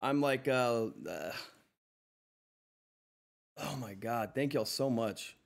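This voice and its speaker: A man hosting a live stock trading stream, talking through price charts in an excitable, effusive way that repeats itself. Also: medium pitch, slow pace, gravelly. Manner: excitable, effusive, repeats himself, says "all right?" often. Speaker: livestream stock trading host. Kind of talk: live market commentary and chat.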